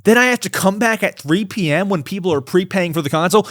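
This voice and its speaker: A young man hosting a casual solo podcast, excitable and quick to break into exasperated rants. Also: high-pitched. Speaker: podcast host.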